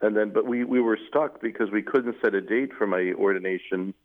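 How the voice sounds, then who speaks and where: A man, a newly appointed bishop, recounting his past in an interview in a measured, halting way with many fillers. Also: fairly low pitch. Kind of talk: interview conversation, recounting memories. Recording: phone-like narrow band, radio broadcast.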